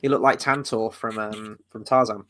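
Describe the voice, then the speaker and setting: A man's voice: lowish voice, fairly even intonation, moderate pace, fairly bright tone. A man co-hosting a casual film podcast, chuckling as he reads viewer comments aloud. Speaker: podcast co-host reading live chat. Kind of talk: casual chat.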